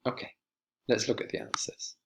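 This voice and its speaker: A man teaching an online English lesson, walking students through exercises with slow, clear instructions. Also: a bit bright. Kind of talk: recorded online lesson walkthrough.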